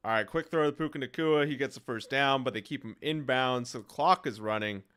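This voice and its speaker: A young man calls a football game live for his stream, reacting loudly to each play as his voice begins to wear thin. His tone stays smooth and clear, pitched in an ordinary middle range. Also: a little fast. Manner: excited commentary, reacting aloud to plays. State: voice starting to go.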